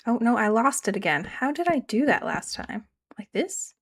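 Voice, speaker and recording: A woman's voice: fairly high pitch, sing-song, moderate pace, fairly bright tone, breathy edge. A woman from Canada with a regional Canadian accent, chatting casually with her live-stream audience while building in a game, rambling and self-deprecating.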